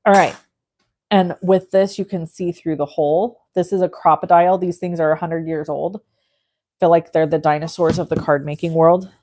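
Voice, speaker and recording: A woman's voice: on the low side, moderate pace. Chatty woman crafting on a livestream. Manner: chatty storyteller, animated and self-mocking. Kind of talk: casual chat while crafting.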